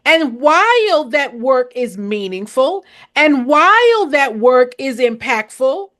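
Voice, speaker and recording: Middle-aged woman consultant: direct, emphatic teacher with a lively, higher-pitched delivery and preacher-like repetition. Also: unhurried. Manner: blunt, emphatic, preachy, repeats key lines. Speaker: nonprofit consultant. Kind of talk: direct live-stream teaching to viewers.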